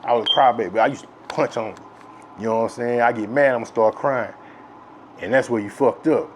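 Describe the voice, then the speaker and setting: A man from Texas telling a childhood story in a rambling, profane, filler-heavy way that grows loud and excited with laughs. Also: medium pitch, brisk, slight background noise. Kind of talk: casual storytelling.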